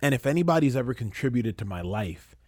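A man's voice: mid-range voice, expressive, fast, a little mellow, no echo, clean studio sound. Earnest man in his thirties. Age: 30s. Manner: earnest, reflective, repeats phrases and restarts. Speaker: podcast guest. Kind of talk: emotional casual conversation.

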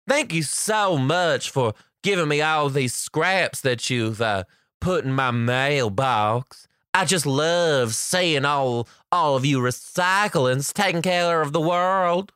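A man's voice: on the high side, takes it slowly, a bit bright, clear, resonant tone, dry recording, clean studio sound. A man voicing Mother Nature as a flirty, sweet Southern-belle woman, syrupy and drawn out. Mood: sugary, gracious.

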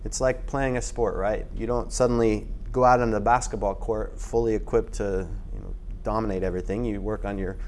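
A man's voice: fairly low pitch, steady tone, fairly quick, darkish tone. Casual man teaching, faint room noise. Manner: loose, hesitant, with restarts. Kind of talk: casual class talk.

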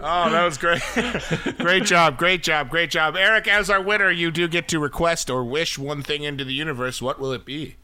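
A man hosts a casual comedy podcast in a high, very bright voice. His tone is smooth and clear, and he reacts to everything with eager exclamations. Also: fairly even intonation, normal speed. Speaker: podcast host.

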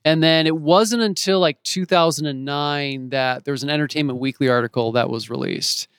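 A man in his forties, an actor and author, telling stories as an interview guest, animated and acting out the voices of the people he quotes. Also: fairly high pitch, moderate pace, clear, resonant tone, no room sound, studio quality. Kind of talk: casual storytelling in an interview. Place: home in Los Angeles.

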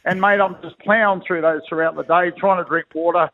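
Heard through a tinny, dry phone with no room sound, a middle-aged Australian man, formerly a rugby league player, guests on a casual radio call. His high voice moves fairly quickly with fairly even intonation as he rambles through slangy, blokey stories, restarting often.

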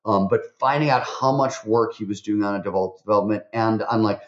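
A man, a podcast guest, tells stories in an animated way, with lots of fillers and restarts. His voice jumps up when he quotes people. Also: on the low side, fast. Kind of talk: animated interview storytelling. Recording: roomy, slightly dull recording.

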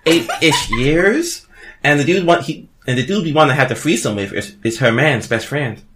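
A man's voice: a little high, big pitch swings, moderate pace, a bit bright. A man hosting a casual group chat, reading out listener questions with stumbles and restarts. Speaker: podcast host.

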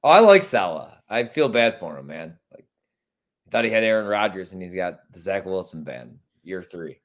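A man from Chicago trading sports picks on a talk show. He swears constantly and throws out blunt opinions, and his pitch swings widely as he gets worked up. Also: normal speed. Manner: profane, animated and opinionated. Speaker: sports radio host. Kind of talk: casual sports chat.

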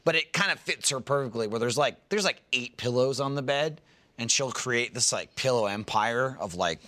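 Animated, bright-voiced man telling stories. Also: mid-range voice, moderate pace. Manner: animated storyteller, shrieks mock voices. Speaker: podcast co-host. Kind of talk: casual chat.

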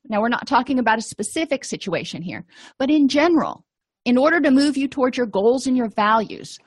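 A woman's voice: fairly high pitch, breathy edge, no room sound. Middle-aged female counselor, conversational teaching tone, dry close sound. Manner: explanatory, conversational, uses examples. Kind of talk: recorded lecture.

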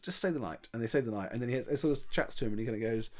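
A man's voice: mid-range voice, racing, darkish tone. Chatty man rambling through a plot. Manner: chatty, rambling, with frequent restarts and voiced quotes. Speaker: podcast film reviewer. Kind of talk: casual chat retelling a film plot.

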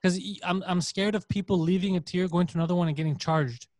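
A man's voice: high-pitched, fairly even intonation, fast, a little mellow, no room sound. A man in a casual podcast chat, talking in scattered bursts with casual swearing. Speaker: comedian podcast host.

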